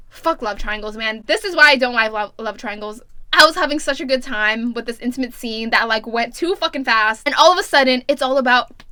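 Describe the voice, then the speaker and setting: Bright, animated woman recapping a book. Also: high voice, fairly quick, dry recording. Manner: animated, profane and exasperated. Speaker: book reviewer. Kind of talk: casual plot recap.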